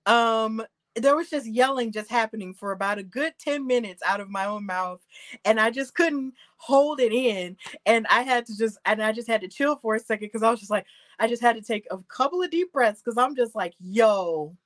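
A woman in her thirties co-hosting a wrestling aftershow, chatting in an animated, gushing way with lots of fillers and laughs. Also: fairly high pitch, normal speed. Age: 30s. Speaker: aftershow co-host. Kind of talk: excited casual chat.

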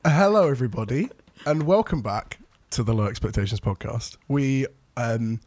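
A man co-hosting a podcast in casual chat, playful and teasing, quick to laugh. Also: mid-range voice, expressive, darkish tone, dry recording. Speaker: podcast co-host.

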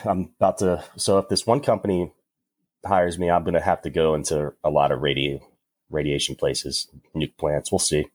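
A man's voice: very deep voice, steady tone, moderate pace, no echo, studio quality. A man from New York chatting casually on a podcast, crude and joking, laughing often. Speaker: podcast co-host. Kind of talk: casual chat.

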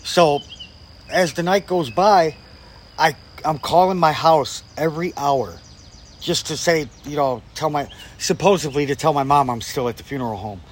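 A man's voice: a little high, normal speed. Cursing man. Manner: profane, acts out quoted people. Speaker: guest storyteller. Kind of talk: casual storytelling chat.

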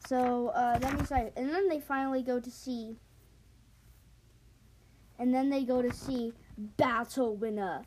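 A woman casually retelling a book plot in a rambling, hurried way with many fillers. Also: a little high, fairly even intonation, a little mellow, slight background noise.

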